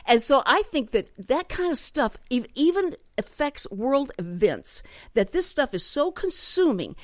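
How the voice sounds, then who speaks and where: A woman's voice: fairly high pitch, dry recording, studio quality. A woman hosting a talk radio show, chatting animatedly and laughing often.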